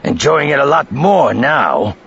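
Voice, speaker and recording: A man's voice: medium pitch, very animated, a little slow, a bit bright, breathy edge, voice pushed up, exaggerated voice. A man voicing a gloating, threatening male enforcer who growls his lines, in a dull lo-fi recording. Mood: gloating menace.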